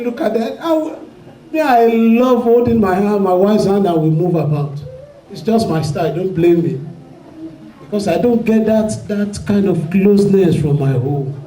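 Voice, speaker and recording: A man who is a pastor, preaching a sermon with fervor and shouting prayer declarations. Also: very high-pitched, roomy sound, poor audio. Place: church hall.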